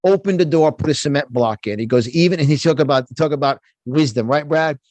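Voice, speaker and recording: A motivational speaker in a guest interview, a man with a fairly high voice and a fired-up, emphatic delivery that keeps doubling back on his words. He talks from his home studio, and the sound is dry and close. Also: brisk, a little mellow, dry recording. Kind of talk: animated interview talk.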